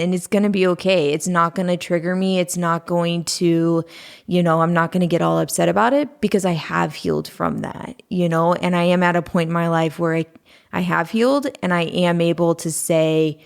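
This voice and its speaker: A woman in her thirties, a podcast guest, talking openly and calmly about her past, with many fillers. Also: lowish voice, gravelly. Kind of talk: candid conversational interview.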